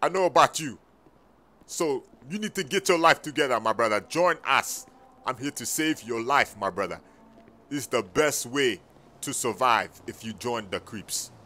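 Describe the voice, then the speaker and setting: A man's voice: mid-range voice, expressive, moderate pace, bright, forceful tone. A man voicing a persuasive male gang recruiter in a game story video, pleading earnestly. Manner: calls everyone "my brother", earnest pleading.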